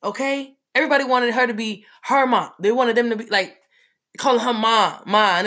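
A woman telling a personal story in a casual, animated way, full of fillers. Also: a little high, fairly quick.

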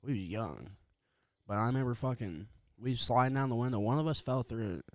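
A man's voice: medium pitch, brisk, no echo. A young man co-hosting a podcast, telling rambling, profane stories in casual chat. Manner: rambling, heavy profanity, animated storytelling. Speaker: podcast co-host.

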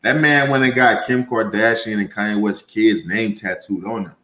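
A male podcast host rants casually with heavy profanity, his heat rising as he goes. His tone starts steady at a moderate pace, but he gets louder and higher when ranting.

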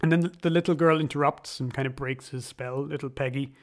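A man's voice: mid-range voice, steady tone, fairly quick. A man casually recapping and reviewing an old horror film, enthusiastic and rambling, often acting out quoted dialogue.

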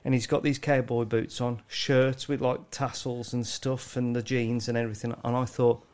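A man's voice: mid-range voice, flat delivery, normal speed, a little mellow. A man with a Black Country accent, co-hosting a podcast and telling a story in casual chat, swearing often and laughing as he talks. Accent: Black Country English. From Black Country, England. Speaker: podcast co-host.

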